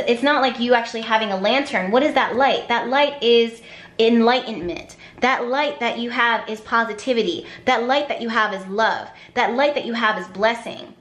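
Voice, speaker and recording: A woman's voice: a little high, fairly bright tone, reverberant. A woman giving an intuitive tarot reading to camera, talking emphatically with repetition and flashes of exasperation. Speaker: tarot card reader.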